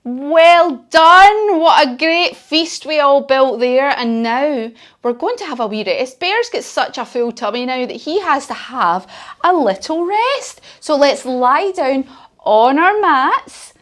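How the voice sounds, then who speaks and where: A woman's voice: high voice, lively intonation, unhurried. A woman leading a children's yoga lesson as a story, encouraging and sing-song.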